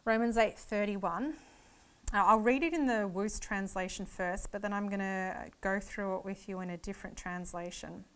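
A woman's voice: mid-range voice, steady tone, normal speed, few pauses, fairly bright tone, clean tone. A woman giving a Bible teaching lecture, explaining each point earnestly and step by step.

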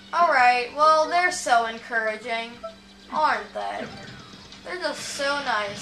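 A woman's voice: fairly high pitch, takes it slowly, pushed and bright. A woman giving casual, sarcastic and playful game commentary during a walkthrough. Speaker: gamer doing a walkthrough. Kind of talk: casual game commentary, reading dialogue aloud. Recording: roomy, game music behind.

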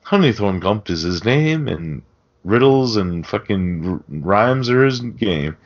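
A man's voice: on the low side, expressive, slow. A man hosting a podcast, recapping a film in casual chat full of swearing and rambling asides. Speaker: podcast host. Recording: dull lo-fi podcast audio.

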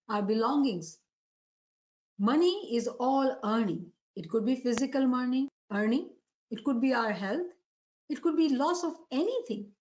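Woman preacher, high voice, muffled recording. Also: a little mellow. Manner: asks rhetorical questions to the audience. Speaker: religious preacher. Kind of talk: devotional sermon lecture.

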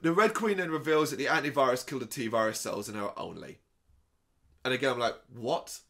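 A man co-hosting a casual movie review chat, animated and sarcastic, swearing often. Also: medium pitch, quick pace, vocal fry. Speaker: podcast co-host.

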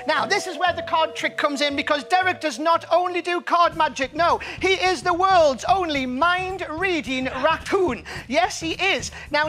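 Playful North East English magician, music behind. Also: male voice, very high-pitched, bright, forceful tone. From North East England. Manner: playful, mock-scolding a puppet with laughter. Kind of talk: children's TV magic act. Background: music playing.

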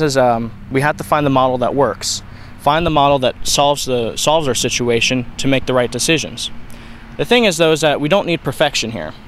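Young man, mid-pitched, rambling lecture delivery with restarts, faint noise behind. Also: low-quality recording. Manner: rambling, with frequent restarts and fillers. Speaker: video lecturer. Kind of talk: unscripted explanatory talk.

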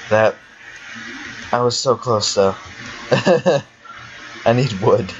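A man's voice: mid-range voice, very slow. A young man giving casual commentary while he plays a game, chatty and talking to himself, swearing now and then. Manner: chatty, swears and laughs often, talks to himself. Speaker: let's player. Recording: dull lo-fi home recording with faint hiss.

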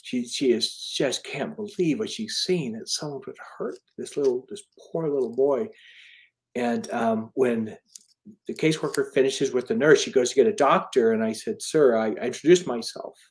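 A middle-aged author being interviewed tells a personal story earnestly, often restarting and quoting dialogue. His voice is medium in pitch, moderate in pace, and darkish in tone.

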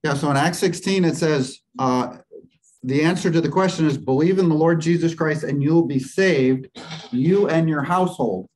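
Heard on a low-quality recording with a little hiss or hum, a man with a fairly high, slightly mellow voice speaks at a moderate pace. He leads a church Bible class through Greek grammar in steps, repeatedly quizzing the class and pausing for replies.

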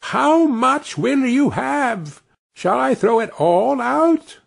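A tiny, mischievous boy no bigger than a thumb, as a storyteller puts him on, calling out in a raised, bold, high voice. The delivery is drawn out and slow, with a husky edge. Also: very animated, full character voice. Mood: bawling.

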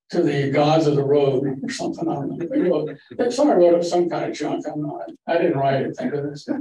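This older man's voice sits fairly high and has a warm tone. As a guest photography presenter, he rambles casually through a slide-show talk for a photography club in a library meeting room, sprinkling in folksy stories. Picked up from a distance, the audio is echoey and carries a faint hiss.

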